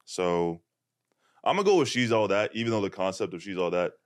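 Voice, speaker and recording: A man's voice: deep voice, very animated, brisk, clean tone, no room sound, studio quality. A man hosting a podcast in a casual, rambling way with lots of fillers. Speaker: podcast host. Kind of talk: casual chat.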